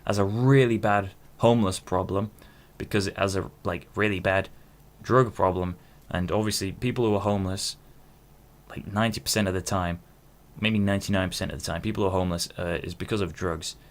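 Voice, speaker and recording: With a deep voice and steady tone, this twenty-something podcast host talks a little fast. He rambles alone on the mic, interrupting himself and swearing in a casual way.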